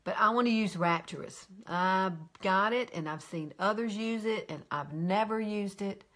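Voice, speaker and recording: A woman, hosting a casual live makeup tutorial, chatting and greeting viewers by name in a high sing-song. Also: moderate pace, a bit bright. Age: 50s.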